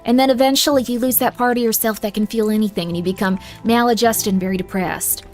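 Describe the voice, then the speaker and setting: A young woman chats on a livestream in a bright, fairly high voice, slipping into a playful mock-southern drawl. She talks motherly and direct, calling viewers honey. Faint game music plays under her desk mic. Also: steady tone, quick pace. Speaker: streamer. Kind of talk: casual livestream chat.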